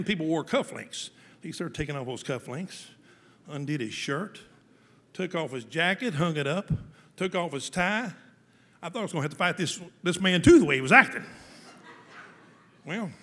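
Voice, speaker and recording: A man telling a humorous story to an audience, folksy and lively, often laughing as he goes. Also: a little high, breathy edge, long reverb tail.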